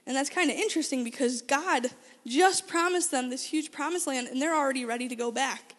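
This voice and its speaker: A high-pitched woman gives a casual Bible lesson, retelling stories with lively energy. She stumbles and restarts phrases as she goes and throws questions to her listeners. Her voice rings out with a long reverb, as in a big hall. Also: brisk. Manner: lively storytelling, frequent restarts, asks audience questions. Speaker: Bible teacher.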